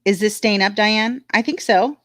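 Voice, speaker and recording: A woman's voice: mid-range voice, normal speed, a bit bright, dry recording, studio quality. A woman casually chatting on a livestream, frank and talkative, reading viewer comments aloud. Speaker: livestream co-host reading chat.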